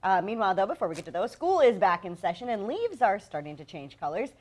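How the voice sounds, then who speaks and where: A woman co-hosting a casual morning show, bubbly and quick to laugh. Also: medium pitch, sing-song. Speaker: co-host.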